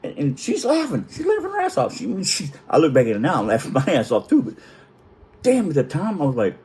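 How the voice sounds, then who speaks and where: A middle-aged man telling a comic personal story in a profane, animated way, acting out the quotes in different voices. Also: on the high side, a little fast. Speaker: storytelling vlogger.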